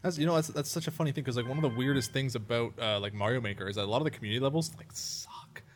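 A man hosting a casual gaming podcast, talking fast and excitably with lots of "like" and restarts. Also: medium pitch. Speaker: podcast host. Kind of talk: casual chat.

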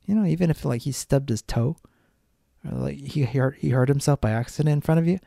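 A man's voice: medium pitch, brisk, gravelly, warm tone, dry recording, studio quality. A man hosting a solo podcast, talking bluntly and ranting with frequent swearing. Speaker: podcast host.

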